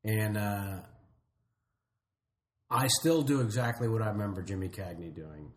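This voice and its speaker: A middle-aged man telling stories in a casual chat, acting out lines with lively comic emphasis. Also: fairly low pitch, a little slow. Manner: animated storyteller, acts out lines with comic emphasis. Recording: roomy echo with faint noise.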